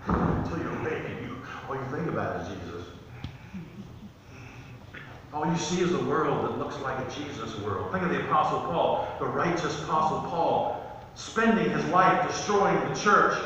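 High-voiced preaching man in echoey hall. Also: expressive, normal speed, bright, forceful tone, slight background noise. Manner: conversational preaching with personal stories, rising to emphatic peaks. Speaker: pastor. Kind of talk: sermon. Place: church sanctuary. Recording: echoey church hall, distant mic, slightly dull.

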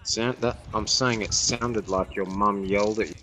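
A man's voice: fairly low pitch, fairly even intonation, normal speed, sharp tone, faint music behind. A young man, teasing his friend in casual chat while gaming. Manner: teasing, calls people mate.

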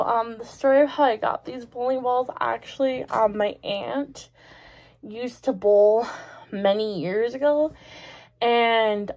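A woman's voice: fairly high pitch, a little mellow. A woman in her twenties vlogging in a casual, rambling way, giggling and exclaiming often. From Canada. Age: 20s. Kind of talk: casual chatty vlog.

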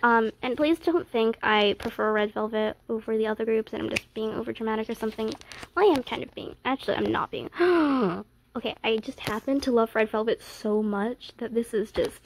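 A woman chatting casually while unboxing a haul, gasping and squealing with fan excitement and sometimes dropping to a whisper. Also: on the high side, brisk, a little hiss or hum, poor audio. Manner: gasps and squeals often, gushing fan excitement; drops to a whisper at times.

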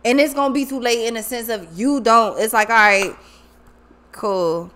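A woman's voice: on the high side, normal speed, fairly bright tone. A woman giving a casual tarot reading monologue, blunt and profane, who talks emphatically and often repeats her words. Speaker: tarot reader.

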